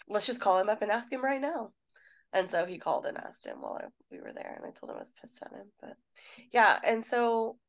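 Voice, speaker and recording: A woman's voice: fairly low pitch, gravelly. A woman. She co-hosts a podcast as a nurse and talks casually, acting out conversations and swearing now and then. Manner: animated storyteller, quotes people, swears casually.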